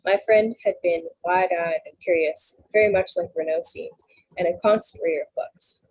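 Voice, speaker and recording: In a low-leaning, darkish, slightly rough voice, a woman reads a novel aloud in first person at a moderate pace. It's an unpolished, casual read where she stumbles occasionally and fixes her mistakes, captured on poor audio.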